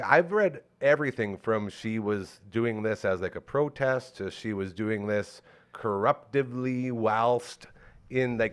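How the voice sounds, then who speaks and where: A man from Canada with a fairly low voice chats on a podcast. He keeps a wry, unhurried, teasing tone with his co-host. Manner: wry, teasing, laid-back. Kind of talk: casual podcast chat.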